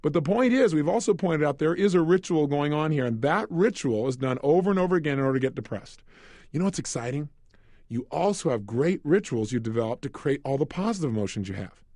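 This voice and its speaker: A man leading a self-help audio program, talking in an energetic, emphatic way and asking the listener rhetorical questions. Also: fairly high pitch, quick pace, no echo, clean studio sound. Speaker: motivational speaker.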